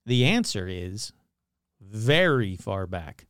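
A man's voice: a little high, big pitch swings, moderate pace, a bit bright, clear, resonant tone, no room sound, clean studio sound. A man hosting a podcast, retelling an old story in a casual, sarcastic and profane way. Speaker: podcast host.

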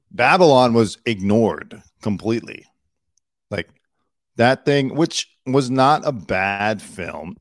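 A man hosts an entertainment news rundown with a somewhat low voice. He delivers snarky, opinionated asides in a loose, casual way, full of fillers and restarts. His voice sounds close and dry. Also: no echo.

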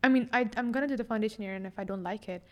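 A woman's voice: a little high, racing, a little mellow. A young woman chatting casually as a podcast guest, giggling often and tripping over repeated words. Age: young adult. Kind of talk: casual chat.

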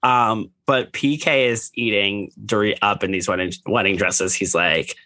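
A podcast co-host chatting casually about gossip who shifts into high, squealing tones when quoting. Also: steady tone, unhurried, sharp tone, no room sound.

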